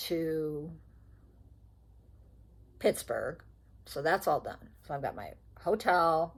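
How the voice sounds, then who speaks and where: A woman's voice: sits low, creaky, breathy edge. An older woman vlogging about her stitching at home, rambling and chatty and often correcting herself as she shows off her threads. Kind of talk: casual show-and-tell chat. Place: at home indoors.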